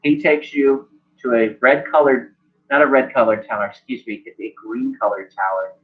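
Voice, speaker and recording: A man's voice: medium pitch, fairly even intonation, moderate pace. A man narrating a tabletop game as game master, rambling and full of "like" fillers. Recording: dull lo-fi sound, faint music.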